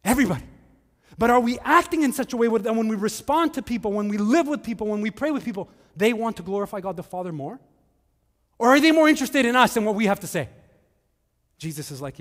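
A male pastor preaching a sermon, earnest, moving between hushed and emphatic. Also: very high voice, lively intonation, a little fast, big-room sound.

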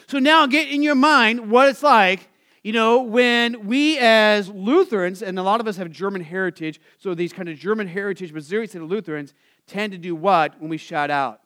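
High-voiced, smooth-toned male preacher. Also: normal speed. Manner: conversational, lots of "you know" asides; rises to excited, energetic emphasis. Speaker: Lutheran pastor. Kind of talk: sermon.

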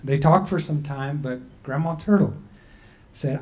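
A man giving a talk and telling a traditional creation story in a measured, deliberate way with frequent pauses. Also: a little high, darkish tone. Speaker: speaker.

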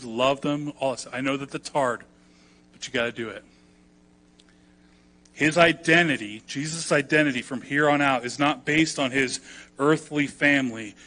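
A young adult man preaching a sermon as pastor, conversational, with quick asides and bursts of emphasis. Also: mid-range voice, bright, forceful tone.

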